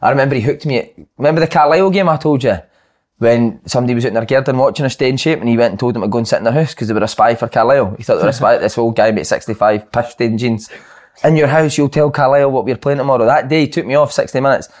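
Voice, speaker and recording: A Scottish man and former footballer, telling animated stories on a casual football podcast and swearing freely. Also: mid-range voice, rapid-fire.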